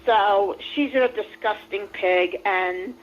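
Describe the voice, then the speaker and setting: A woman's voice: medium pitch, slow, dull audio, a little hiss or hum. A woman calling into a livestream, ranting indignantly and repeating herself. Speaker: call-in guest. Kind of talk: heated ranting on a stream call.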